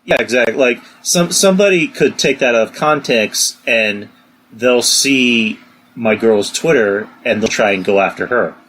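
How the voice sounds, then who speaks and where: A man's voice: mid-range voice, a little slow, fairly bright tone, slight background noise. A man co-hosting a podcast in casual chat, rambling with a lot of filler words. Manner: rambling, lots of "you know". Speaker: podcast co-host.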